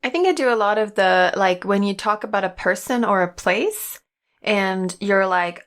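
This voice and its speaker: A woman's voice: mid-range voice, steady tone, brisk, fairly bright tone. Woman podcast co-host, chatty, thinks aloud, video call. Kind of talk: casual chat.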